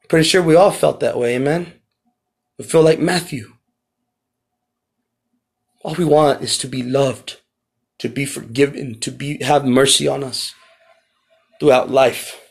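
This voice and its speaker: A man preaching a podcast sermon with passion, repeating phrases for emphasis and rising toward near shouts at key lines. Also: medium pitch, fairly even intonation, moderate pace, creaky. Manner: impassioned, rising to near shouts when reading scripture.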